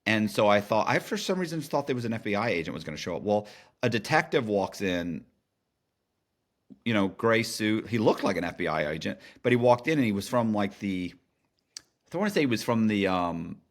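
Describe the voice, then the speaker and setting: A man's voice: fairly low pitch, very animated, brisk. A middle-aged man telling a story as a podcast guest, in a casual, slangy way with many restarts and fillers.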